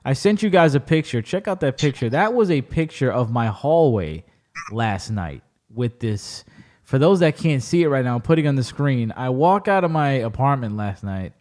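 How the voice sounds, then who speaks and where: A man with a mid-range voice hosts a casual podcast chat. He tells stories in an animated way, swearing freely as he goes. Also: mid-range voice, normal speed. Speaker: podcast host.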